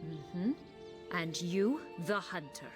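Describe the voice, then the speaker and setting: A woman's voice: on the low side, expressive, takes it slowly. An actress playing a playful, teasing young noblewoman in a video game. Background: game music.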